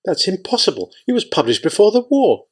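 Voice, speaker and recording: A man's voice: high voice, sing-song, a little fast, breathy edge, pitched above the performer's own voice, heavily acted. A man reading an audiobook, voicing a proud, insecure scientist husband who is irritable and self-pitying. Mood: irritated.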